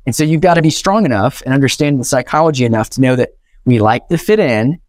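Young male keynote speaker, quick and animated, dry sound. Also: mid-range voice, dry recording. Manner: energetic, animated, acts out quoted dialogue. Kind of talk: motivational keynote storytelling.

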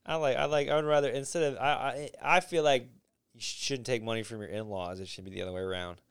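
A man's voice: medium pitch, fairly even intonation, clean tone, dry recording, clean studio sound. A man hosting a podcast, chatting casually, sometimes stumbling over his words before making a point. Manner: hesitant restarts when making a point, quick reactions. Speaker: podcast host. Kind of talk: casual chat.

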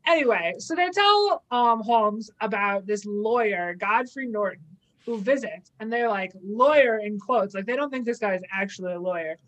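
A woman's voice: medium pitch, lively intonation, moderate pace, fairly bright tone, rough recording. A young adult woman in casual chat, animatedly recapping an episode and slipping into playful quoted asides. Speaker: podcast co-host.

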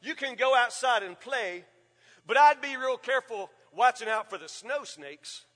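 A preacher doing a teasing deadpan dad. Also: male voice, very high voice, moderate pace. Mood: mock-serious. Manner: dry, mock-serious warning. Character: teasing lazy father telling a tall tale. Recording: long reverb of a large hall.

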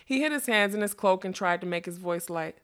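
A woman narrating a storybook in a measured, expressive reading voice. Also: lowish voice.

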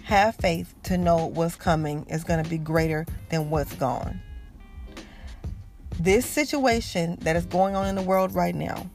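A woman's voice: on the low side, unhurried, darkish tone, faint music behind. A woman hosting a podcast, giving an encouraging faith talk in a preachy, repetitive way that speaks straight to listeners. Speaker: podcast host.

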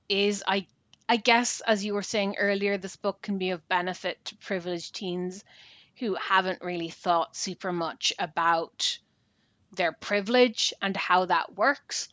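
A woman's voice: mid-range voice, a bit bright, no echo. A woman co-hosting a casual book talk, retelling a story at length with fillers. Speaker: book podcast co-host.

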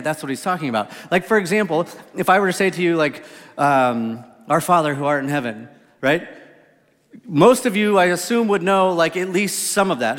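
A male pastor giving a casual, conversational sermon, relaxed and full of asides and questions to the congregation. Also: fairly high pitch. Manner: relaxed, lots of "like" and restarts, asks the audience questions. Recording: reverberant hall.

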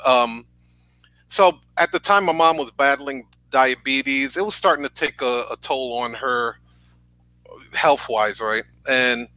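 A man's voice: mid-range voice, takes it slowly, bright, forceful tone, dry recording, low-quality recording. A man in his thirties from New York, a podcast guest earnestly telling a personal story over a video call, often checking in with "right?". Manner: earnest, tag questions with "right?".

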